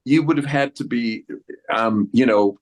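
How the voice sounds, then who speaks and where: An actor in his sixties gives a press interview at a measured pace in a mid-range voice. He rambles, restarting often, and acts out quoted voices.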